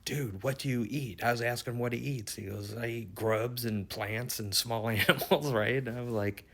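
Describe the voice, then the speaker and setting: A man's voice: mid-range voice, normal speed. A middle-aged man casually retelling a strange dream, rambling and swearing freely as he goes. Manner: rambling, swears freely, grows more excited toward the end. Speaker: dream storyteller.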